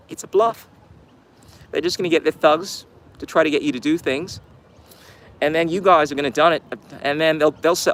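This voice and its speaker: A man's voice: medium pitch, fairly bright tone, slight background noise. A man hosting his channel's livestream, rambling through casual, sarcastic commentary. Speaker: channel host.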